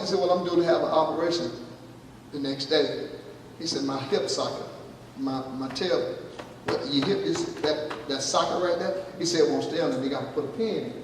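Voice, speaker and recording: A high-pitched man preaches a testimony, playing out each voice in his story and checking in with the congregation. He sounds distant, caught from across a church hall with a long, booming reverb and a faint hiss underneath. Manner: storytelling, acting out dialogue, calls out "you listening?". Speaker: pastor. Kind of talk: testimony sermon. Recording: echoey hall from far off, faint noise.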